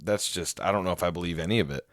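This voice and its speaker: A man co-hosting a casual podcast chat, low-key and hesitant, mostly agreeing and sighing. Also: rapid-fire, a bit bright, no echo, studio quality. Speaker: podcast co-host.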